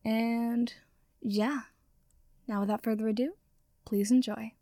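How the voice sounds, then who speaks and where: Female fan fiction reader, steady narration, fairly high voice. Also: takes it slowly, no room sound, clean studio sound. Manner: casual intro, then steady narration. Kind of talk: reading fan fiction aloud.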